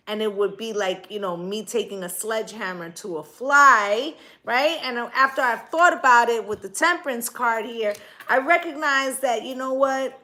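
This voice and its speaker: A woman with a somewhat high voice talks through a tarot reading. She is blunt and emphatic, swears freely, and checks in with her listeners by asking "right?" again and again. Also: normal speed, sharp tone. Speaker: tarot reader. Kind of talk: casual tarot reading talk.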